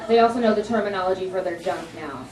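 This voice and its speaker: A woman's voice: fast, far from the mic. Woman doing stand-up in an echoey club. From New Jersey. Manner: animated storytelling with sudden high-pitched punchlines. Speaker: stand-up comedian. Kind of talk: stand-up comedy set. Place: comedy club stage. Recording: echoey club recording from afar, with crowd laughter.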